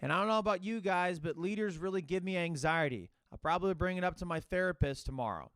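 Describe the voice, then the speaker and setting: A man's voice: sits high, animated, quick pace, a bit bright, slight background noise. A young man from Cleveland giving a scripted, joking voice-over for a travel video, full of sarcastic, self-deprecating asides. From Cleveland, Ohio. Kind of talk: scripted comedic voice-over narration. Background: faint music.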